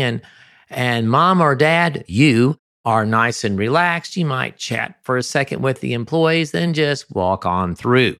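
A man's voice: medium pitch, expressive, measured pace, vocal fry, a bit bright, no room sound. A man hosting a podcast, giving dog-training advice in an emphatic, sometimes ranting monologue into a close mic.

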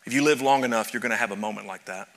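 A pastor preaches a sermon, telling his congregation a story and building to fervent emphasis while addressing them directly. His mid-range, fairly bright voice comes rapid-fire with vocal fry.

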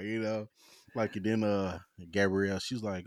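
A man's voice: on the low side, moderate pace, no echo, clean studio sound. A man in casual chat, telling stories with lots of laughter and acting out what people said. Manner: animated storyteller, acts out quotes with laughs.

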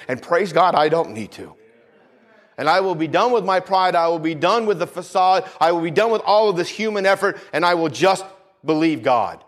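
Male preacher, mid-high voice that swings widely, fervent sermon delivery with amen call-outs. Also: expressive, fairly quick.

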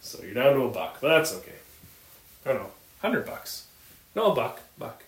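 A man co-hosting a podcast in casual chat, joking with deadpan banter. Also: medium pitch, normal speed. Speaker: podcast co-host. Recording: roomy with faint ambience.

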